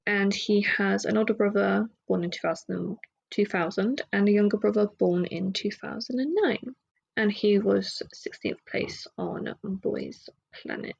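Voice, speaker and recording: A woman's voice: medium pitch, creaky, dull audio. A woman hosting a solo podcast, chatting casually and rambling with fillers and side remarks. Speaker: podcast host.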